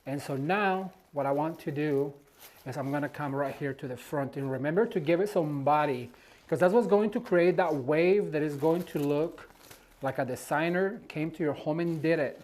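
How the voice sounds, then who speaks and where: A man's voice: fairly high pitch, moderate pace, darkish tone. Effusive male decor host, chatty and encouraging, demonstrating at home. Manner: effusive, encouraging, gushes over the materials. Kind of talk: casual how-to demonstration. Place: at home beside a Christmas tree.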